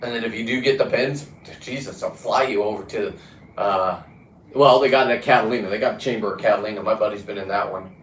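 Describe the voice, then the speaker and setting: With a lowish voice and a fast delivery, a male fishing and diving vlogger rambles casually about his hobbies. His talk is blunt, profane and full of restarted sentences, and the recording has slight background noise and a roomy echo.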